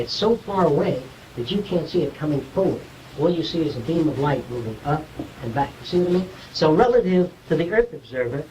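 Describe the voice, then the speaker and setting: A man's voice: a little high, darkish tone, far from the mic, slight background noise, low-quality recording. A man giving an informal, conversational lecture to a small group, explaining ideas and checking whether his listeners follow.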